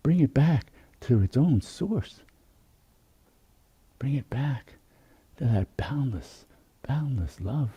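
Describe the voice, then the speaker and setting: A man giving a slow, soft-spoken spiritual talk as a meditation teacher, with unhurried, drawn-out phrasing. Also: medium pitch, animated, slightly rough.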